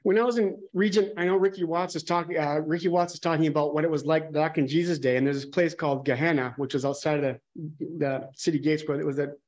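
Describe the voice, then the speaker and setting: A man's voice: fairly high pitch, fairly even intonation, fast, a little mellow. A man preaching a conversational sermon, candid and musing, thinking aloud and often restarting his sentences.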